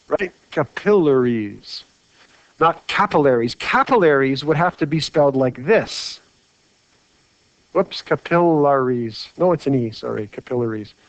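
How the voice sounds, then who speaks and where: A man's voice: on the high side, no room sound. A man teaching a lecture while drawing on a whiteboard, chatty and full of rhetorical questions. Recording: dry, dull lo-fi mic.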